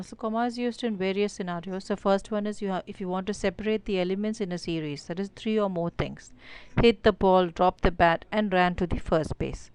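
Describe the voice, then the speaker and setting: A woman's voice: medium pitch, darkish tone, clear, resonant tone. A woman with an Indian English accent teaching an online grammar lesson, explaining step by step with many fillers like "so" and "uh".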